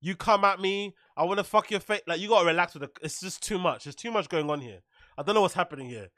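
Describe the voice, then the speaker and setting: A man comments on clips during his stream, sarcastic and full of swearing. His voice sits high for a man. The recording is dry and close, with no room echo. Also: fast talker, fairly bright tone. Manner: sarcastic, swearing, laughing often.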